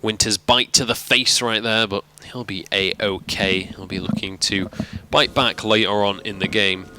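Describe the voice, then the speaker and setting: A man doing live play-by-play commentary on an esports match, climbing to excited shouts when fights break out. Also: fairly low pitch, measured pace, noisy background. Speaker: esports caster.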